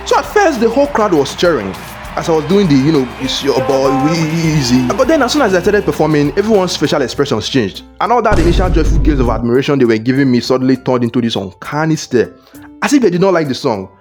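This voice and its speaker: A man's voice: fairly high pitch, very animated, fast, music in the background. A man with a Nigerian accent telling a comic story, playful and dramatic. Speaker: comedic storyteller. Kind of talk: comedy skit narration.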